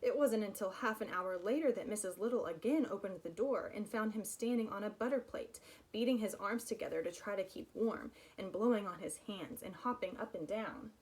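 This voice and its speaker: A woman reading a children's book aloud in an expressive storytelling manner. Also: mid-range voice, fairly quick. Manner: expressive storytelling, personal asides. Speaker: reader.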